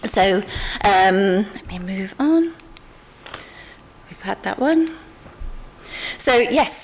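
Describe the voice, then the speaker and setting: A woman hosting a conference, giving informal opening remarks with frequent ums and restarts. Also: medium pitch. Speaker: conference host.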